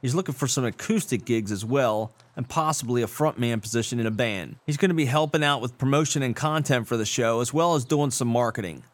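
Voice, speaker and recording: A man's voice: medium pitch, a little fast, hardly any pauses. A man hosting a show, reading a scripted introduction in a dry, sarcastic way. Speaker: show host.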